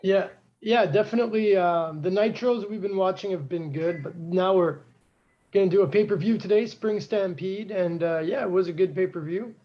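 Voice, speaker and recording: A man talks through wrestling history in a loose, rambling way, full of "um" and "like." His voice sits high for a man. The recording sounds a little dull and lo-fi. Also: moderate pace. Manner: rambling, filler-heavy, knowledgeable about wrestling history. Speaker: podcast co-host. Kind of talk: casual chat.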